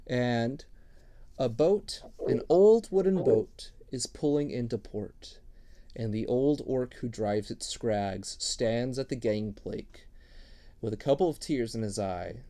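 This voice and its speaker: Mellow-voiced man running a tabletop game. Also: medium pitch. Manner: relaxed, filler-heavy narration. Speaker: game master.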